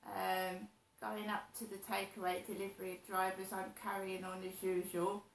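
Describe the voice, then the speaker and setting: A middle-aged woman telling a personal story in a slow, repetitive, aggrieved way. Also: mid-range voice, little pitch movement, creaky, a little hiss or hum. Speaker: vlogger. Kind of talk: personal monologue. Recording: roomy echo.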